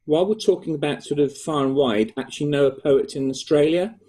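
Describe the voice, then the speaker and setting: Older English man, mellow and relaxed, chatty with restarts, on a video call. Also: on the high side, fairly quick. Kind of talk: casual chat on a video call.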